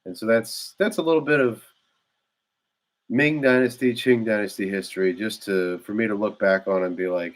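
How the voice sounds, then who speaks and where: A man's voice: low-pitched, brisk. A man giving a rambling, casual history explainer, full of fillers and restarts, recorded indoors on a microphone. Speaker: history vlogger. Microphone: new desk microphone.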